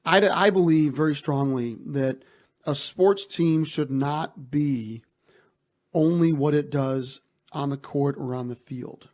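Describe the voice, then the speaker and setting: A man's voice: on the high side, slow pace, a little mellow. A man speaking as a guest executive in an interview, earnest and emphatic, often repeating words as he starts a thought. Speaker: basketball team executive, guest. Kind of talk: interview answers.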